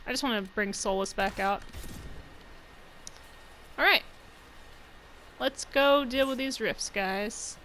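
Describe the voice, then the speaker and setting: A woman's voice: on the high side, takes it slowly, long pauses, pushed and bright, a little hiss or hum, low-quality recording. A woman hosting a let's-play video, chatting to her viewers as she plays, joking and laughing often. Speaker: gaming channel host.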